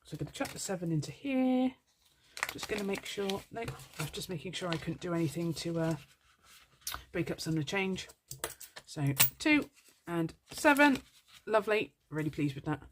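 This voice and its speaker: A woman's voice: lowish voice, animated, moderate pace, background noise. Woman, casual vlog chat, bubbly, apologetic, rambling with fillers. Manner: chatty, bubbly, apologetic, lots of ums. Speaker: budgeting vlogger.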